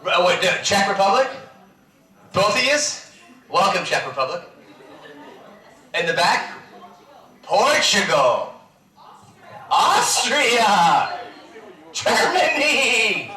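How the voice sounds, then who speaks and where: A man on a convention panel, teasing the audience in lively banter. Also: high-pitched, unhurried, pauses often. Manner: boisterous, teasing. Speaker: guest actor on a convention panel. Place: large convention hall. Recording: roomy hall, distant mic.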